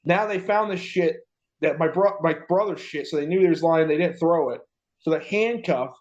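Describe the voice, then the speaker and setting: On the high side and at a moderate pace, this man's voice comes through dull audio. He's a podcast co-host mid-story in relaxed chat, cursing often and imitating the people he quotes.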